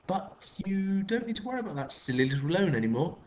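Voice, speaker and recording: A man's voice: sits high, big pitch swings, fast talker, a little hiss or hum, pitched above the performer's own voice. A man voicing a scheming middle-aged woman neighbour who talks in a sugary, trilling way full of pet names. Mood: gloating.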